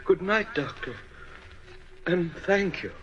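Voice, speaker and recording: A scared, stammering man in a hospital bed who anxiously pleads for reassurance. His voice sits fairly high, on a dull vintage radio recording. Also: expressive, takes it slowly, a bit bright, a little hiss or hum, heavily acted. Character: frightened older man, bandaged and blind. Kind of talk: 1940s radio acting.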